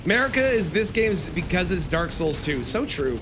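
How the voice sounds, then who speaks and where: Guy streaming a game, chats w/ viewers, voice jumps all over, kinda high. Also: very animated, normal speed, background noise. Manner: talks to chat, grumbles and rants at the game. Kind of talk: live gameplay commentary.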